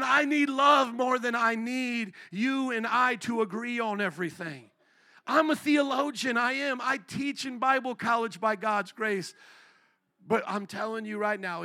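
An older man preaching a sermon as pastor, calling on the congregation for responses and rising to shouts. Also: high voice, vocal fry.

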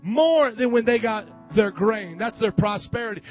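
A male pastor preaching a sermon, calling for amens and dropping from hushed lines to loud bursts. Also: high-pitched, animated, moderate pace. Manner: call-and-response preaching, swings from hushed to loud. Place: church service. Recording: dull lo-fi church recording with faint music.

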